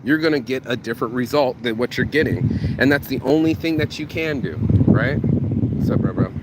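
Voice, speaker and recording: A man's voice: medium pitch, normal speed, heavy background noise. A man giving a casual motivational monologue, slangy and profane, who stumbles over repeated words when he gets going. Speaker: motivational vlogger.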